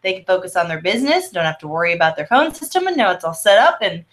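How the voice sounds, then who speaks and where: A woman's voice: medium pitch, very animated, quick pace. A woman co-hosting a casual chat, bubbly and chatty, laughing often, with a slight American Southern drawl. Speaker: co-host.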